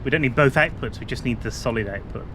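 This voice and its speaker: A man's voice: medium pitch, fast, a bit bright, a little hiss or hum. A man on a gaming livestream, politely suggesting how to build. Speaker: co-player. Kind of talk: casual gaming chat.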